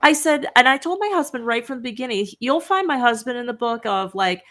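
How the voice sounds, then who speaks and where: A woman's voice: a little high, expressive, a little fast, few pauses, fairly bright tone. A woman author as an interview guest, chatting and telling funny family stories with a lot of laughter. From Wisconsin. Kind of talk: casual interview chat.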